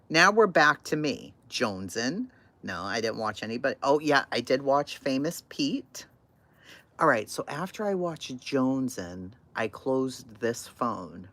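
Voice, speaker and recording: Slow, lively incredulous host. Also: medium pitch, no room sound. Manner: incredulous, swearing, exclaiming questions. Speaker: channel host. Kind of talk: casual reaction commentary.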